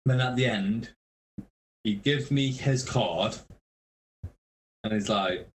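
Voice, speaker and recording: A man's voice: lowish voice, takes it slowly, long pauses, low-quality recording. A man, a guest musician, telling tour stories casually, swearing a lot and laughing mid-sentence. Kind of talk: casual storytelling.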